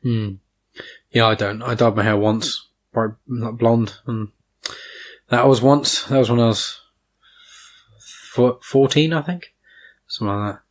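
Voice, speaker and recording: A man's voice: mid-range voice, steady tone, unhurried, long pauses. A young man hosting a podcast, chatting casually with blunt opinions and a habit of swearing. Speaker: podcast host. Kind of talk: casual chat.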